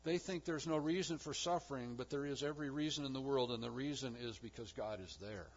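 A man preaching a sermon with emphatic delivery, rising to loud declarations and dropping to hushed low lines. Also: a little fast, breathy edge, highs cut off. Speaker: pastor.

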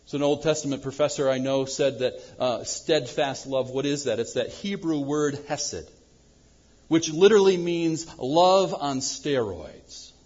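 A man preaching a sermon as pastor, swinging from loud acted-out prayers to low, quiet asides. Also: slightly rough, highs cut off. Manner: animated preaching, acting out prayers loudly then dropping low.

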